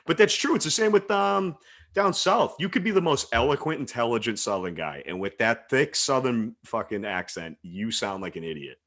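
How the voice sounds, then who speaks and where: A man's voice: mid-range voice, lively intonation, moderate pace, a bit bright. A man from Philadelphia with a Philadelphia accent, hosting a podcast in laid-back chat, swearing and saying dude a lot. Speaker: podcast host.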